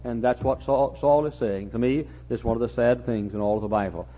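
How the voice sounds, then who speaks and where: A man's voice: medium pitch, a little fast. A man preaching a sermon as a folksy storyteller, with humorous asides and acted-out voices, in a dull lo-fi recording.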